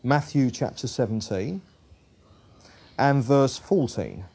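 Reading a passage of scripture and then talking it over casually, this man leads a Bible study in a mid-range voice that is gravelly, husky and a little mellow. He speaks slowly but animatedly, peppering his explanation with ums and uhs and fixing his words mid-sentence.

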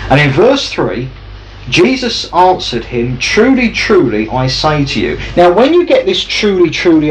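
A man teaches through a Bible passage and keeps checking that his listeners follow. His voice sits a little high and swings widely in pitch. A faint ambient hiss runs under the recording. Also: rough recording. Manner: lively, conversational, checks in with listeners. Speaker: preacher.

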